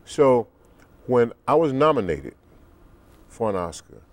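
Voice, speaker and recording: An older man, a musician guest in an interview, telling stories in an unhurried way and acting out the quotes. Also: sing-song, dry recording. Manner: deep, unhurried storyteller who acts out quotes. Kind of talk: relaxed storytelling interview.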